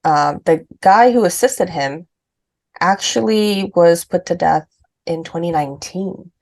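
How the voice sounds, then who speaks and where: A woman from Puerto Rico chats on a podcast in a somewhat low voice. She reads out lists at an easy pace, then bursts into quick, animated asides. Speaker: podcast co-host. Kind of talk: casual chat.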